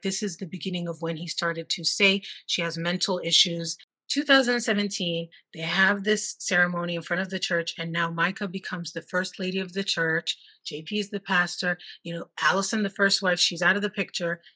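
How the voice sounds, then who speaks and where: Bright-voiced woman retelling a story. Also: on the low side, fairly even intonation, fairly quick. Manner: conversational, reads out texts with asides. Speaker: true crime commentator. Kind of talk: casual storytelling commentary.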